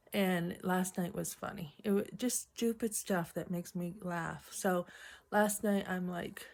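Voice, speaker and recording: A middle-aged woman casually telling a funny story from her job, chatty and animated, acting out what people said and often clearing her throat. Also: fairly low pitch, slow. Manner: chatty, animated retelling with acted quotes. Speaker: vlogger.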